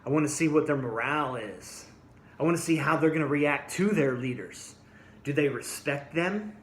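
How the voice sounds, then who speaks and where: A man rants with blunt, combative anger, talking straight at the people he is scolding. His voice sits a bit high for a man and keeps jumping between quiet grumbling and loud outbursts. The room around him is echoey and hollow. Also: moderate pace, slight background noise. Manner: blunt, combative, addresses listeners directly. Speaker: vlogger. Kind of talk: angry ranting monologue.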